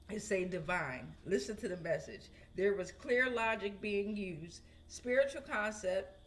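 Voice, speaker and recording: A woman giving a casual tarot reading, chatting to her viewers and often asking "right?". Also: mid-range voice. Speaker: tarot reader.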